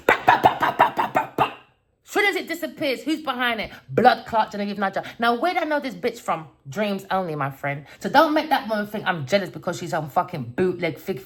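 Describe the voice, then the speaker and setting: A woman giving a tarot reading as an angry, profane rant, swinging between low muttering and loud outbursts. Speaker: tarot reader. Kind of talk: ranting tarot reading monologue.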